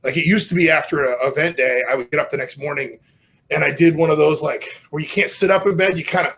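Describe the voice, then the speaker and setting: Man, middle-aged, podcast guest, gravelly, sharp tone, profane and animated. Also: on the high side, fast talker. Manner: profane, animated storytelling with loud self-mocking outbursts. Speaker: strongman guest. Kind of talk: casual podcast chat.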